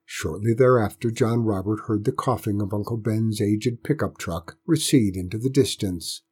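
A man reading a story aloud as narrator, in a steady, measured way. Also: fairly low pitch, husky.

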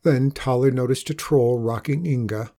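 A man narrating a folk tale in a slow, expressive read-aloud manner. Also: mid-range voice. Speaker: storyteller. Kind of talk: scripted storybook narration.

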